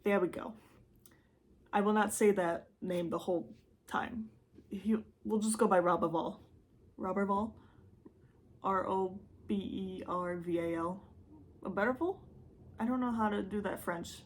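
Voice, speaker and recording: A young woman with a Midwestern Michigan accent, telling a true-crime story in a chatty, rambling, self-deprecating way, with lively jumps in pitch for emphasis. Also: normal speed. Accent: Midwestern American, Michigan. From Michigan, USA. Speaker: YouTube host.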